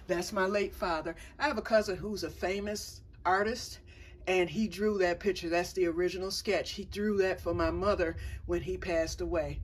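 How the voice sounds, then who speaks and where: A woman's voice: lowish voice, fairly even intonation, moderate pace, slight background noise. A middle-aged woman chatting casually in a personal vlog, rambling and correcting herself as she goes, with folksy turns of phrase. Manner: rambling, self-correcting storyteller; folksy, says y'all. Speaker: vlogger.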